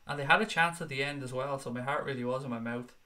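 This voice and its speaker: A man's voice: mid-range voice, fast, sharp tone. A man hosting a football fan livestream, chatting casually and swearing freely as he answers viewers. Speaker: football fan channel host. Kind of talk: livestream chat, reading viewer comments.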